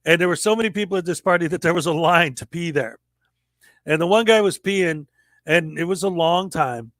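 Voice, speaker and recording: A man in his forties hosting a livestream, telling a story in a lively casual way and acting out the people he quotes. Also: fairly high pitch, a little fast, no room sound. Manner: animated storyteller, acts out quoted voices. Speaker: livestream host.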